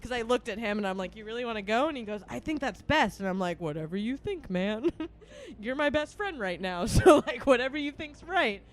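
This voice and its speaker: A woman's voice: fairly high pitch, fairly quick. A young woman in her twenties co-hosting a podcast, telling a story in casual chat, laughing often and acting out what people said. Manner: animated, laughs often, acts out quotes. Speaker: podcast co-host.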